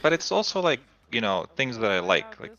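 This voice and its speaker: A man's voice: medium pitch, sing-song, fairly quick, pushed and bright. A man speaking English as a second language in casual chat, searching for words and piling up fillers. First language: not English. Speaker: co-host. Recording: dull lo-fi audio.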